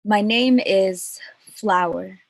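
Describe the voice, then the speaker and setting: A woman poet performing a spoken word piece over a video call with a slow, measured, repeating cadence. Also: mid-range voice, vocal fry. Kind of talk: spoken word poetry reading.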